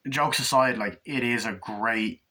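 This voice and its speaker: A man's voice: mid-range voice, measured pace, bright, forceful tone, a little hiss or hum. A man giving a rambling, profane spoken movie review, out of breath as he talks. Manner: rambling, profane, acts out scenes in loose paraphrase.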